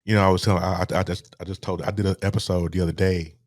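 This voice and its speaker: A middle-aged man, softly telling a personal story as a podcast guest, halting and restarting as he speaks. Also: sits low, level tone, no echo, clean studio sound. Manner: soft-spoken, halting, with repeated restarts.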